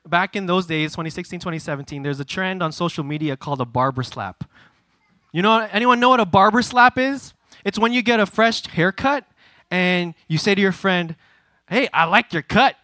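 A man in his twenties preaching, who tells a story with lively energy. His voice is bright and a little high, and the recording is dry. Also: no room sound. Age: 20s. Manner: animated, chatty storyteller. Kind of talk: sermon storytelling.

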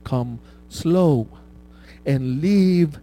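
A man's voice: fairly high pitch, drawn-out words, warm tone. A man preaching a conversational sermon, often asking "right?" and laughing at his own stories.

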